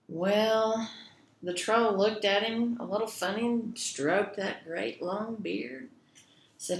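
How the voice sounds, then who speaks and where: A woman librarian telling a children's story, gentle and expressive, speaking directly to the kids. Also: medium pitch, takes it slowly, creaky. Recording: echoey room.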